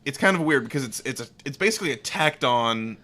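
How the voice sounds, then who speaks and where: A man with a bright voice at middle pitch and a lively, wide-ranging delivery. He chats casually as a podcast co-host and drops in short, dry quips. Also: quick pace. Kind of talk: casual movie-review chat.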